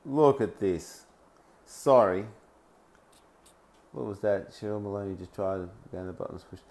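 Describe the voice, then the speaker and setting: An online commentator with an Australian accent rants mockingly over news clips, often laughing between phrases and driving points home with strings of single words. His voice is lowish and darkish in tone, and his pace is a little slow.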